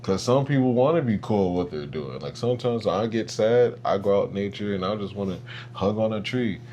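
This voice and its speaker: Male co-host, very low voice, hedging and reflective, faint hum. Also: fairly quick, mellow. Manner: thoughtful, hedging talk with many fillers. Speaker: podcast co-host. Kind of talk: casual podcast chat.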